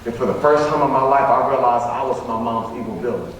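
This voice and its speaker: A man's voice: medium pitch, fast, a little hiss or hum. A young man giving a motivational school assembly speech, repeating phrases for rhythm and acting out dialogue. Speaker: motivational speaker. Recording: echoey hall from far off.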